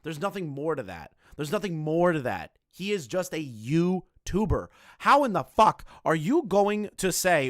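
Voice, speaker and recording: A man's voice: a little high, sing-song, unhurried, hardly any pauses, a bit bright. A man streaming from home, ranting in heated, profane, sarcastic commentary. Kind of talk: livestream commentary rant.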